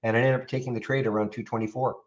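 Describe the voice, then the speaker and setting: He races along in a level tone with a mid-range voice, the recording's highs cut off. Running a live trading room, he chats casually over charts, answers viewers, and keeps repeating words during this live stream commentary.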